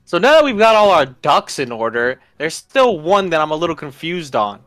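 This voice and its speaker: An indignant adventurer, exasperated and accusing, with swooping, lively pitch, as a man plays him at the game table. The voice sits high for a man and close and dry. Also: moderate pace, dry recording, soft background music.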